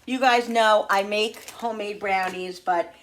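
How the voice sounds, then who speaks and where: A woman talking casually to the camera in her home kitchen, chatty and quick to vent when annoyed. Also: medium pitch, slight background noise. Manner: chatty, animated, prone to exasperated venting. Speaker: home cooking vlogger.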